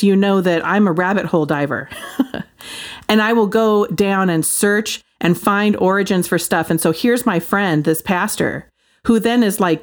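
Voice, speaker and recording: A woman talking straight to viewers in a casual monologue, telling a story in a chatty, animated way as a Christian commentator. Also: medium pitch. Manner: animated, chatty storytelling with quoted voices and laughs.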